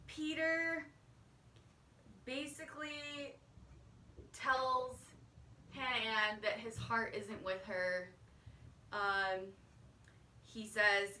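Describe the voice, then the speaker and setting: A vlogger rambles casually through a recap of a TV finale, packing her talk with fillers and "like." Her voice is on the high side, bright and forceful, and she's recorded off-mic from a distance in an echoey room.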